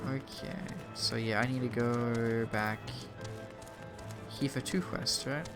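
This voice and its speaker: A man's voice: medium pitch, fairly even intonation, takes it slowly, music in the background. A young Australian man streaming a game, chatting casually and self-mockingly with his chat. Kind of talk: casual gaming commentary.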